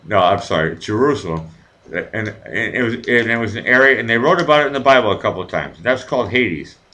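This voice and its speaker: A fairly low-pitched man talks slightly fast on a rough recording while hosting a live talk show. In this casual chat he spins rambling, animated yarns peppered with swearing.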